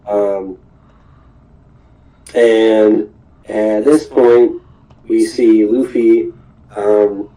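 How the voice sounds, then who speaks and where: A man's voice: on the low side, mellow, low-quality recording. A man casually recapping a cartoon episode, rambling with many fillers and restarts. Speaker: podcast host.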